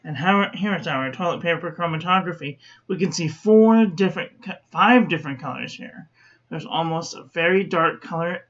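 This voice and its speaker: Slow-talking woman reviewing ink. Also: sits low, highs cut off. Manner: chatty, self-correcting, talks to viewers. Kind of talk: unhurried product review.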